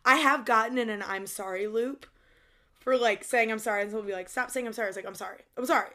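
A bubbly young woman co-hosting a podcast with a slightly high voice. She chats casually, giggles often and keeps apologizing in a light, self-mocking way. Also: quick pace, pushed and bright. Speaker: podcast co-host. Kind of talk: casual chat.

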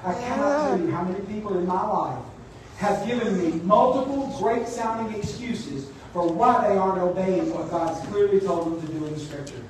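A man's voice: high-pitched, normal speed, background noise. A man preaching a sermon as pastor, emphatic and exhorting his congregation. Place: church sanctuary. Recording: echoey church hall, mic at a distance.

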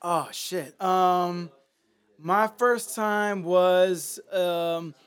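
A man with a high voice chats on a podcast in a loose, rambling way, full of fillers and swearing. He sounds laid-back and unhurried. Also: fairly bright tone, clean tone. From Miami. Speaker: musician guest. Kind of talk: casual podcast chat.

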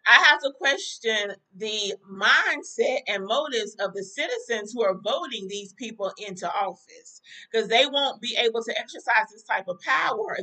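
A woman's voice: fairly high pitch, pushed and bright, low-quality recording. A woman hosting a talk podcast, giving fired-up, preachy commentary to her listeners. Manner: preachy, fired-up, talks straight to listeners as y'all. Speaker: podcast host. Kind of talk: casual commentary to a live chat.

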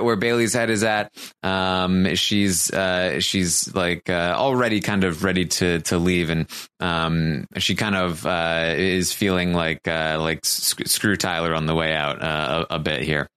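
Guy hosting a recap, low smooth voice, lots of uhs and ums, dry sound. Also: steady tone, a little slow, a bit bright, no echo. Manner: hesitant, many fillers and restarts. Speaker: podcast host. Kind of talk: casual recap chat.

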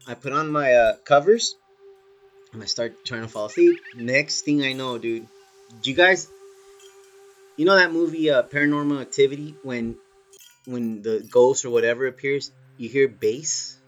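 Animated, swearing man telling a story. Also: medium pitch, normal speed, dull audio, soft background music. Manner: swears a lot, animated, says "dude" often. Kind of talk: casual storytelling.

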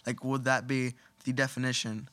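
A man's voice: mid-range voice, little pitch movement, moderate pace, a bit bright, no room sound. A young man in casual podcast chat, explaining his ideas step by step.

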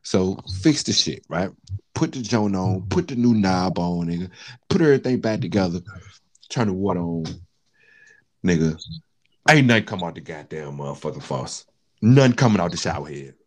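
A man's voice: sits low, animated, normal speed. A man telling a long, profane story in casual chat, acting out the quotes of the people in it.

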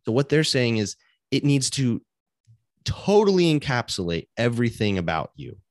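A man's voice: mid-range voice, big pitch swings, normal speed, dry recording, studio quality. A man co-hosting a casual faith podcast, talking earnestly and thinking aloud with frequent restarts. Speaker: podcast co-host.

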